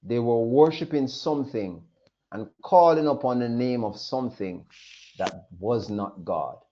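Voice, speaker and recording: A man's voice: medium pitch, unhurried. A man preaching a sermon, emphatic and repetitive, often acting out the questions of others. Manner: emphatic, repeats phrases, voices questions of others. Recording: dull lo-fi recording.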